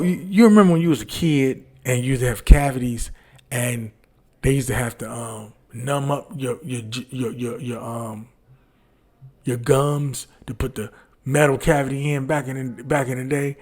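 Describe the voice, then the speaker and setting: Man, comedian, casual storytelling, animated, profane, repeats punchlines, medium pitch. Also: unhurried. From Detroit.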